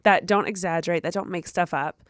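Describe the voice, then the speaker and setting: A woman's voice: on the low side, steady tone, fairly quick, no room sound, clean studio sound. A young woman co-hosting a podcast, chatting earnestly and reading a listener's story aloud. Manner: earnest, storytelling, stops to restate details. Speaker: podcast co-host.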